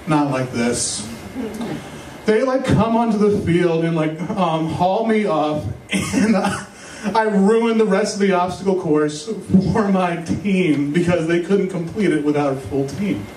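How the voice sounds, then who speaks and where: A young man doing stand-up, telling a rambling, self-mocking story with quick asides. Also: sits high, animated, darkish tone. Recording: echoey room, mic a bit far, faint hiss.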